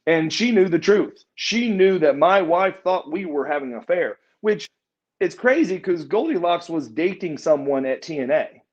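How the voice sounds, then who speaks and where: Middle-aged male interview guest, high-ish voice, rambling storyteller who stammers and repeats words, lo-fi sound. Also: animated, moderate pace. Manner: rambling, repeats and restarts words, acts out quoted dialogue. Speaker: guest, former pro wrestler. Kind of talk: casual shoot interview storytelling. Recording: muffled lo-fi audio.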